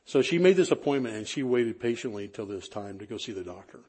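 A man with a slightly husky voice of middle pitch preaches to his congregation. He talks like he is chatting with friends, circling back and restarting his sentences, and he pokes fun at himself. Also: lively intonation, fast talker, darkish tone. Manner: chatty, self-deprecating, frequent restarts. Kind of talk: conversational sermon storytelling.

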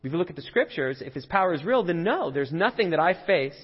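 A pastor in his thirties preaches a sermon, telling a story earnestly and conversationally with rising emphasis. His voice is a little high, animated, and slightly rough, and he talks fast. The audio is dull and lo-fi, with long hall reverb.

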